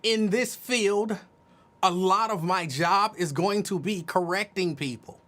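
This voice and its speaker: Guy hosting the show, bright voice, laid back, laughs, sets the record straight. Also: high voice, unhurried. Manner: relaxed, laughing, corrects people. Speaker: host. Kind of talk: casual radio talk.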